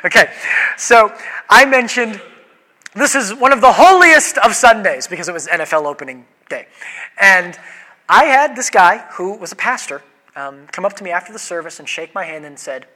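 A man's voice: high voice, lively intonation, moderate pace, sharp tone, in a large hall. A man who is a pastor, preaching a sermon in a conversational, joking way and putting questions to his congregation.

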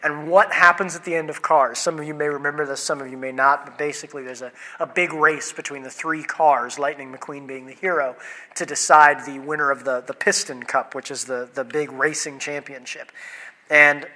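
A man's voice: on the high side, steady tone, moderate pace, pushed and bright, low-quality recording. A man in his thirties preaching a sermon in a church, chatting playfully with the congregation. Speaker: pastor. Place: church sanctuary.

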